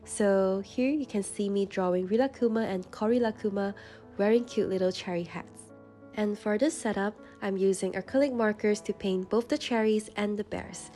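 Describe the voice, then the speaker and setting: A young woman with a slightly stuffy, congested voice narrates a voice-over for her journaling channel, calm and gentle. Her tone is mellow and warm, at a middle pitch, and soft music plays quietly underneath. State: congested from a runny nose.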